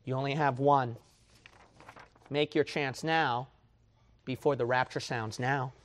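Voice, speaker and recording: Impassioned preacher, hushed to shouting. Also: male voice, medium pitch, steady tone, slow pace. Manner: swings from hushed to shouting, mocks excuses in whiny voice. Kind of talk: sermon.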